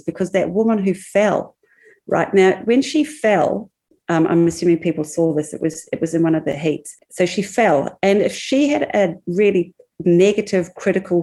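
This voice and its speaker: A woman psychologist speaking as a podcast guest, explaining ideas at a measured pace. Her voice is fairly low and mellow, and she lays out each point with care. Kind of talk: podcast conversation.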